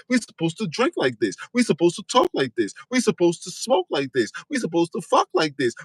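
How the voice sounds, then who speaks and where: A man's voice: high voice, breathy edge, no room sound, low-quality recording. Fiery, insistent man with a raised voice. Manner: repetitive, insistent, rising to shouts. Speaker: podcast host. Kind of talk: fiery monologue preaching.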